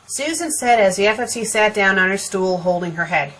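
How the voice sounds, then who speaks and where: A woman's voice: mid-range voice, lively intonation, a little fast, a bit bright. A young woman reading a fan story aloud for a comedy show, breaking off for dry, sarcastic remarks. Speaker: fanfiction critic and reader. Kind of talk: comedic fanfiction reading with commentary.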